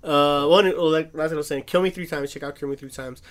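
A man's voice: a little high, steady tone, fast talker, fairly bright tone. A man co-hosting a podcast, chatting casually about movies, rambling and swearing, with frequent laughs. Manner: rambling, swears often, laughs between phrases. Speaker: podcast co-host.

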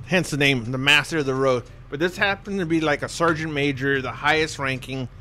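A man who served as a Marine reservist, telling a story in casual chat among friends, animated and swearing freely. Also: fairly high pitch, a little fast, a little hiss or hum.

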